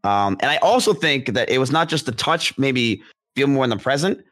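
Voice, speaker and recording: A man's voice: medium pitch, animated, fairly quick, a bit bright. A young man talking casually and rambling, with many restarts and fillers. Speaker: podcast guest discussing ADHD. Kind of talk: casual conversation.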